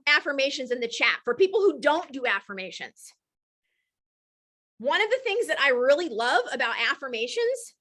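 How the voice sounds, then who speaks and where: High, bright, energetic woman coach. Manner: energetic, enthusiastic, motivational. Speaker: network marketing coach hosting a live session. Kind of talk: live-streamed coaching talk.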